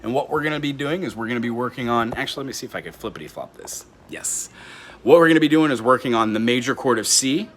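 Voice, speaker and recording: A man's voice: medium pitch, lively intonation, fast, fairly bright tone, slight background noise. A man teaching a ukulele lesson in a friendly way, counting beats aloud and explaining scales and chords. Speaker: music teacher. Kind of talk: instrument lesson. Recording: ukulele playing behind the voice.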